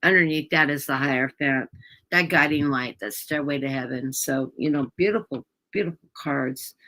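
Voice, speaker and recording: Gravelly American woman reading tarot. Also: low-pitched, moderate pace, pushed and bright, poor audio. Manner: chatty, laughs easily, upbeat. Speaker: guest tarot reader. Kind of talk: live-stream tarot reading.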